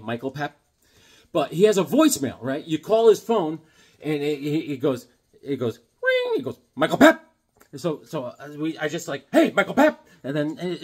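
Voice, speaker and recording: Talking casually about the comics he owns, a man with a slightly high, somewhat rough voice rambles and cracks jokes. Fillers crop up often, and he does silly voices when telling stories.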